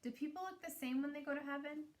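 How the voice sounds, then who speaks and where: A woman voicing a young boy who asks soft, hesitant questions in a storybook reading. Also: high-pitched, fast talker, pitched above the performer's own voice, lightly acted. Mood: sad, wondering. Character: young boy, gentle and sad.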